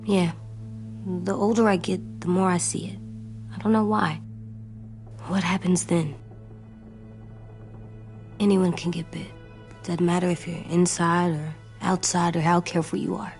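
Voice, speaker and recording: A woman's voice: on the low side, little pitch movement, a little slow, pauses often, a little mellow. A woman voicing an earnest, worried young boy survivor in a video game, asking blunt questions, over game music. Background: game score music.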